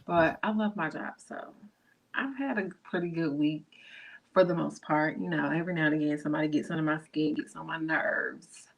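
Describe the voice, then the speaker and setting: A woman's voice: low-pitched, normal speed, gravelly. A woman hosting a casual call-in talk show, chatty and easygoing, often laughing as she talks. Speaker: host.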